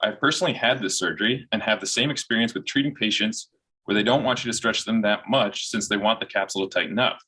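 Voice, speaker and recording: A man's voice: lowish voice, sharp tone, husky, rough recording. A young man, a physical therapy student, reading a long listener question aloud straight through. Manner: brisk, reads straight through.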